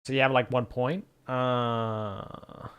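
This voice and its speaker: A man's voice: mid-range voice, little pitch movement, slow pace, fairly bright tone, clear, resonant tone, dull audio. A man streaming, thinking aloud in casual chat with many fillers and answering his chat.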